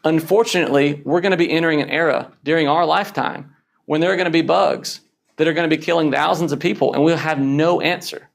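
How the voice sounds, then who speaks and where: Blunt, gravelly man lecturing doctors. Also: a little high, steady tone, quick pace. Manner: blunt, punchy, frequent "okay?" check-ins. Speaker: emergency physician lecturing. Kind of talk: conference lecture.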